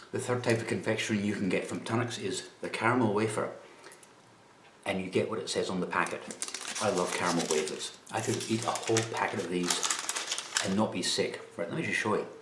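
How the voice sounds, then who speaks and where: A man's voice: sits low, a little fast, a bit bright, roomy sound, a little hiss or hum. A Scottish man chatting casually on camera about snacks while tasting them, with a dry, chatty manner. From Scotland. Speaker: vlogger presenting snacks.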